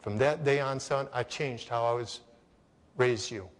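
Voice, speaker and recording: A man's voice: mid-range voice, measured pace, in a large hall, pitched below the performer's own voice, close to an everyday voice. A man voicing his reserved, unemotional father while telling a story on stage. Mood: tender. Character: older Norwegian father, reserved and stern.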